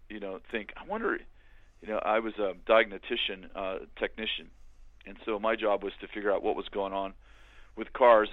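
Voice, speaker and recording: An older man telling his story in a halting, conversational way, with many restarts, as a guest on a remote call. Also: lowish voice, no echo. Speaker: guest, author and minister. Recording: tinny phone-like line.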